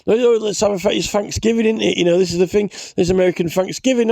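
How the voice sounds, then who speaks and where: A man's voice: high-pitched, fairly even intonation, fast, vocal fry, hardly any pauses, darkish tone, dry recording. Rambling, scornful man ranting to camera. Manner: rambling, scornful, many fillers and restarts. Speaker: vlogger. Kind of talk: ranting commentary.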